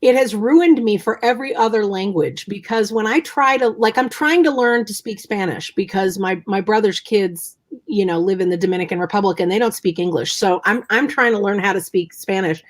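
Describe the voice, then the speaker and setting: A woman's voice: medium pitch, a little fast. A woman in her sixties co-hosting a casual chat show, joking about herself and laughing often. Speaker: co-host. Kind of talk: casual live-stream chat.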